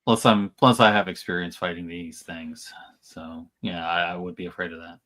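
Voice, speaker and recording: Hesitant low-voiced man thinking aloud. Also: flat delivery, normal speed, fairly bright tone. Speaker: player. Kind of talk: casual tabletop game chat.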